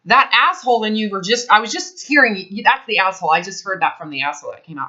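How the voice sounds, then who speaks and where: A woman's voice: mid-range voice, lively intonation, fast, hardly any pauses, bright, forceful tone. A woman health advisor in a counseling session, talking bluntly and emphatically, swearing freely. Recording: dull lo-fi recording.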